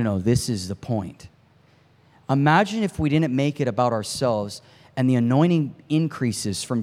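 Male preacher, storytelling sermon, builds to shouting peaks, casual asides to the crowd, long hall reverb. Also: on the high side. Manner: impassioned, climbs to near shouting at peaks; conversational asides to the congregation.

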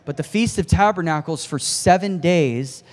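A man preaching a sermon with passion, swinging from quiet storytelling to near-shouting and chatting with the congregation between points. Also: fairly high pitch, moderate pace, long reverb tail. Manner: impassioned, climbs to near shouting at peaks; conversational asides to the congregation. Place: large hall with long reverb.

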